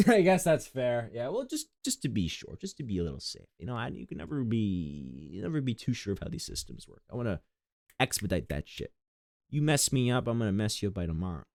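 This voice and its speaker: A young man from Long Island, New York rambles crudely through jokes and tangents on a game stream, breaking into sudden high outbursts. His voice is darkish, captured with clean studio sound and no echo.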